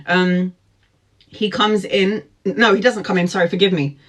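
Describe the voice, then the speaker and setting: Woman, 40s, mid-pitched storyteller, laughs a lot, acts out quotes. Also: unhurried. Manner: lively, laughs often, acts out quoted speech. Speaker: tarot vlogger. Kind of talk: storytime chat.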